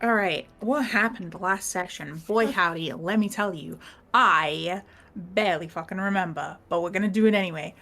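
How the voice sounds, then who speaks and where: A woman's voice: on the low side, moderate pace, vocal fry, bright, forceful tone. A woman casually recapping the last session of a tabletop game, rambling, laughing and swearing as she quotes the characters.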